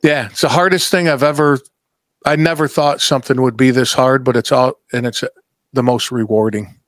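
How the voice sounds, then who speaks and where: A man chatting as a podcast guest, telling casual stories in a profane, animated way that repeats itself. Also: mid-range voice, moderate pace, dry recording. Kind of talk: casual storytelling chat.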